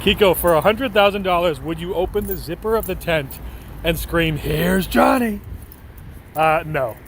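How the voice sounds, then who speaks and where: Out on a city street at night, a livestreamer with a high-side, bit-bright voice talks at a moderate pace. He answers viewers' messages in a rambling, joking manner, laughing often, with faint traffic and street ambience in the background.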